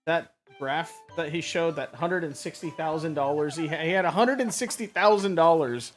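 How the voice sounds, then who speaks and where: A man's voice: a little high, normal speed, faint music behind. A man in his thirties chatting casually while playing a game, telling a story with lots of swearing. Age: 30s. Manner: swears freely, animated storytelling. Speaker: gaming channel host. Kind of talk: casual chat over a game playthrough.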